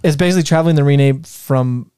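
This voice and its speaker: A man co-hosting a casual history podcast reads from his notes, talking fast with many fillers and restarts. His voice is on the high side, with a dark, smooth tone, captured in a dry, clean studio recording.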